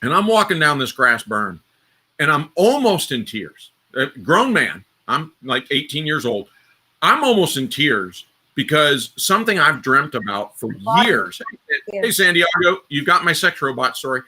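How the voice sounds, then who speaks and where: A middle-aged man hosting a live stream, his voice very bright and a touch high for a man. He tells rambling army stories in a loose, conversational way, jumping to sudden loud bursts when he acts out the yelling. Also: sing-song, unhurried, slightly rough. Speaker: host.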